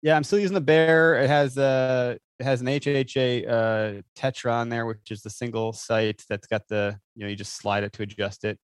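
A man chatting as a podcast guest, telling stories with lots of fillers and animated bursts. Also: mid-range voice, moderate pace, few pauses, clean tone, dry recording, studio quality. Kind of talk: casual chat.

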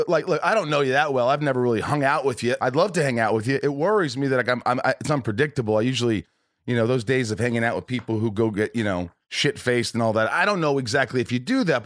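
A man's voice: mid-range voice, fairly bright tone, no echo, clean studio sound. A man hosting a podcast in casual chat, rambling and profane with many restarts. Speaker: podcast host.

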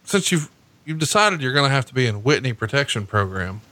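Bright-voiced teasing podcast host man. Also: sing-song, fairly quick. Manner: teasing, crude, jumps in pitch when joking. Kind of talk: casual podcast banter and recap.

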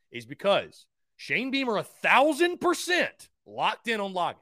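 A young man hosting a call-in sports talk show, high-energy and rambling, often stumbling over his words as he gets worked up. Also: sharp tone, no echo, clean studio sound. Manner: stammering restarts. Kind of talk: call-in sports radio chat.

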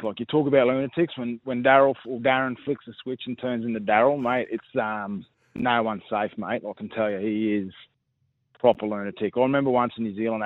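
Over a tinny phone line with no room sound, a man with a fairly low voice and an Australian accent guests on casual radio. A former player, he laughs through blokey footy stories and says mate a lot.

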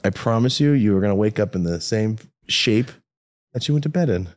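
A man's voice: lowish voice, animated, brisk, darkish tone. A young man chatting casually as a podcast guest, telling loose, rambling stories. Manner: laid-back, rambling storyteller. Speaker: podcast guest, product maker. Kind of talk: casual chat.

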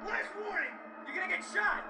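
A man's voice: extremely high pitch, expressive, a little fast, roomy sound. An actor playing a male police officer who barks commands at a suspect, heard as distant film audio. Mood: yelling. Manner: barking commands. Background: film soundtrack music.

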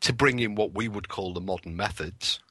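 A man's voice: on the low side, moderate pace, pushed and bright, breathy edge, no echo. A man from the United Kingdom, a guest on a radio talk show describing an upcoming ghost hunt. He explains eagerly and restarts his phrases often. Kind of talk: radio interview.

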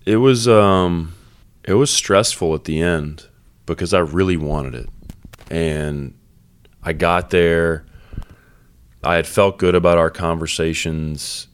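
Low-voiced man, candid and reflective. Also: slow pace, pauses often, clean tone. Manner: reflective, self-deprecating, many fillers and restarts. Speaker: basketball head coach. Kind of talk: candid interview conversation.

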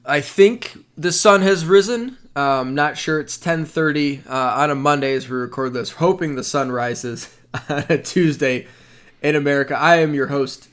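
A man's voice: fairly high pitch, normal speed, a bit bright, clean tone. Upbeat young man hosting a podcast. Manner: upbeat, reads ad copy, jokes around. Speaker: podcast host. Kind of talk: casual sports podcast chat.

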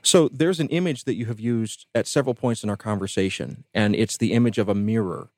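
A man hosting a radio show, reading scripted introductions and a sponsor message in a measured, clear announcer manner. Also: lowish voice, a little mellow, no room sound, clean studio sound. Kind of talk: scripted host links and sponsor read. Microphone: studio microphone.

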